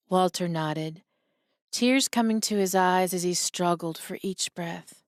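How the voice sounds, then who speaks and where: A woman reading a romance audiobook in an even, measured scripted narration. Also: lowish voice, no room sound, studio quality.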